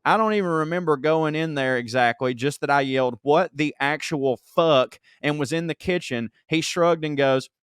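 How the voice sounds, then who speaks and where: A man co-hosting a comedy podcast, reading listener emails aloud with animated storytelling and frequent laughter. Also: a little high, brisk, few pauses, smooth, no echo, clean studio sound. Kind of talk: casual comedic podcast banter.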